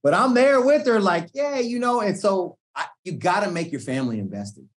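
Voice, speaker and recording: Animated middle-aged man telling coaching stories. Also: high-pitched, moderate pace. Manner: animated slangy storytelling, acts out quoted speech. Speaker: guest, sports coach. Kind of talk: casual podcast conversation.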